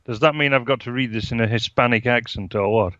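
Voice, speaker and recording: A man with a Yorkshire accent, co-hosting a casual film review chat in a measured, musing way. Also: mid-range voice, a bit bright, no room sound. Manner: measured, musing, drawn-out phrasing. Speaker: podcast co-host, film reviewer. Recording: slightly dull lo-fi sound.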